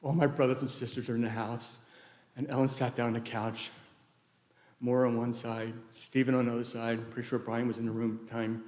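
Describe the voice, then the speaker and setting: A man's voice: mid-range voice, little pitch movement, brisk, a little mellow. A man giving a eulogy for his late wife at a funeral, telling rambling, anecdotal stories with many restarts. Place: large church sanctuary. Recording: echoey church hall.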